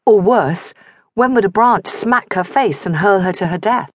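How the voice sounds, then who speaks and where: A woman's voice: medium pitch, animated, a little slow, dry recording. A woman narrating a romance audiobook in vivid scripted storytelling on a close studio mic.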